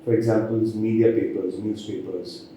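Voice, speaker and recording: A man coaching pronunciation, his voice dark and mellow as he carefully demonstrates each sound. It is recorded in a very echoey room. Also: on the low side, level tone, a little hiss or hum. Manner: slow, deliberate demonstrations of sounds. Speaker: communication trainer. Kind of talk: pronunciation lesson.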